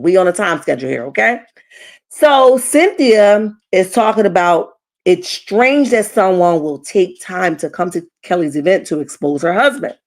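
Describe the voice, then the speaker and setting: Animated woman recapping reality drama. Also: on the low side. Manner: animated, dramatic retelling with acted quotes. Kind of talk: casual recap commentary.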